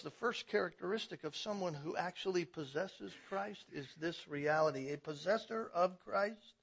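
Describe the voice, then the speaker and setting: A man preaching a sermon as pastor, emphatic, building to loud passionate stretches. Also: high-pitched, creaky, breathy edge, lo-fi sound.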